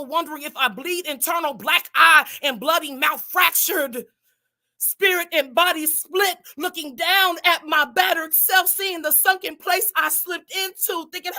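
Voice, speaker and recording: A woman performs a spoken word poem in a high, bright voice. Her delivery is dramatic and rhythmic, dropping to a hush and then rising to a shout. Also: normal speed. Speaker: competing poet.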